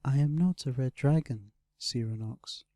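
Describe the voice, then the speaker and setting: A man voicing a caring young female blue dragon, speaking softly and gently in an audiobook. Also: medium pitch, unhurried, no echo, natural voice. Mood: gentle. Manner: soft, gentle. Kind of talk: audiobook character voice.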